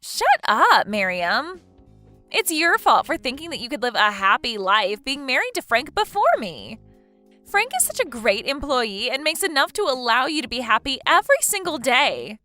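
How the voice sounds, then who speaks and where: A woman's voice: high-pitched, very animated, normal speed, bright, forceful tone, soft background music, heavily acted. A woman voicing a smug, scheming woman in a text message story, taunting and laughing mockingly. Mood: spiteful. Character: smug scheming woman who stole her friend's husband.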